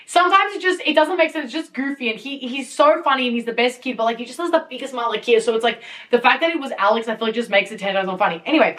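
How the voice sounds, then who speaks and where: A young woman with a fairly high voice, chatting through a story on her podcast. She talks in an animated way, laughs often and swears freely. Her voice sits a little back from the mic. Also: racing, few pauses, far from the mic. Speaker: podcast host. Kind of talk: casual storytelling. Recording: voice a bit off-mic.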